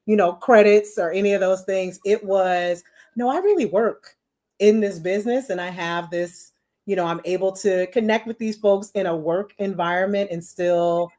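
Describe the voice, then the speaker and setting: A woman's voice: mid-range voice, moderate pace. A woman in her forties, a marketing executive telling stories as a podcast guest, chatty and full of "you know". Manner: chatty, animated, many "you know" fillers. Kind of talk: casual storytelling interview.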